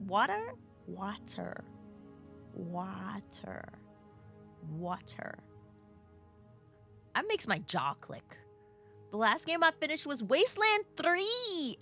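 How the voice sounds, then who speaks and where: A woman's voice: high voice, fairly bright tone. A woman from Brooklyn with a New York accent, live-streaming a game, chatting playfully and reading chat aloud. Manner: playful, bouncy, chatty with viewers.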